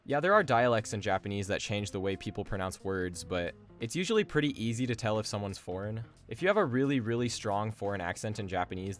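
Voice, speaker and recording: A young man giving a casual, chatty explainer on language learning, full of slang and quick asides. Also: fairly low pitch.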